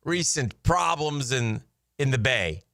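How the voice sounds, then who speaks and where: A man co-hosting a sports radio show, telling a story in a lively, animated way with a studio mic. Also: medium pitch, slow pace, vocal fry, dry recording. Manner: animated storyteller acting out neighbors' voices. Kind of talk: casual storytelling chat.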